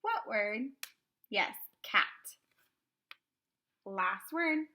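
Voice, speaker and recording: A woman teaching kindergarten phonics online, sounding out words slowly and clearly with cheerful prompts. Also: medium pitch, sing-song, sharp tone.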